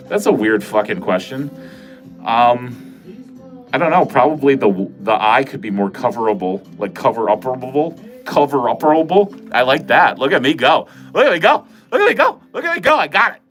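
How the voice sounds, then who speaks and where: A middle-aged man hosts a loose livestream from a corner of his home and talks straight to his chat at a medium pitch. He rambles and jokes at his own expense, with plenty of swearing. Faint music plays behind him. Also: fairly bright tone. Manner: rambling, self-mocking, joking and profane. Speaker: livestream host. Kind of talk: casual livestream chat with viewers. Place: corner of a home filming room.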